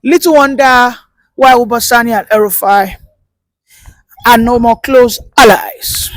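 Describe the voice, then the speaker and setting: High-voiced, impassioned woman. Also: a little slow, dry recording, low-quality recording. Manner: impassioned, emphatic, rhetorical. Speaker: political commentator. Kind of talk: opinion commentary.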